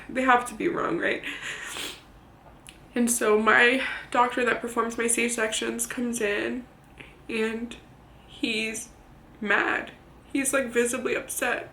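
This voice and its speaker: A young woman vlogging, telling a personal story to the camera in a candid, halting way, swearing now and then and close to tears. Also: fairly high pitch, fairly even intonation, gravelly, pushed and bright, a little hiss or hum. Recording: roomy echo.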